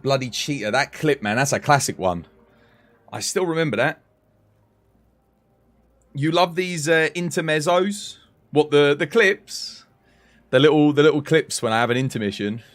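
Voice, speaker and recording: A man's voice: fairly high pitch, normal speed, long pauses. A man chatting casually with viewers while commentating his own gameplay on a live stream. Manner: chatty, animated, slangy.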